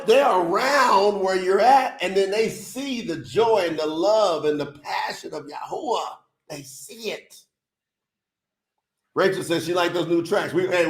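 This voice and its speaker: Chatty upbeat guy hosting a livestream, kinda high voice, slow easy talk, roomy echo. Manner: upbeat, chatty, reads comments aloud and laughs often. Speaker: livestream host. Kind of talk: casual livestream chat.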